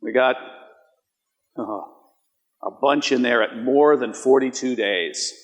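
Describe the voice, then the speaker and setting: A man's voice: mid-range voice, slow pace. A man giving a conference presentation, walking an audience through live polls in a conversational way and often asking them rhetorical questions. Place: conference hall. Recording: long reverb of a large hall.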